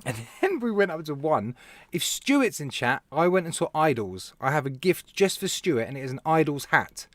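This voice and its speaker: A man with a British accent hosting a casual live stream, telling stories in an animated way, laughing and talking to viewers by name. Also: on the high side, normal speed, no room sound. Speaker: live show host, vape reviewer.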